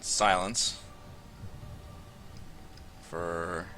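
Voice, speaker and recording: A man runs a tabletop game, slowly describing the scene as he improvises, often pausing on filler words. His voice is lowish and very bright, with a forceful edge and faint background noise. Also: steady tone. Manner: hesitant, lots of ums and uhs while improvising. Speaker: game master.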